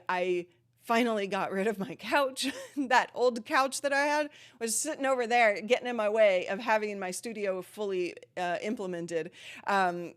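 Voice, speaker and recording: Woman hosting a live stream q&a from her home studio, chatty, lots of ums and laughs, kinda out of breath. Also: medium pitch. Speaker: live streaming channel host.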